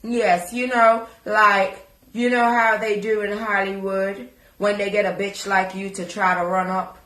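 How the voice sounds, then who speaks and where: A woman's voice: mid-range voice, flat delivery, unhurried, fairly bright tone, echoey room. A woman giving crude, taunting reaction commentary and repeating words to mock someone. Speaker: commentary vlogger.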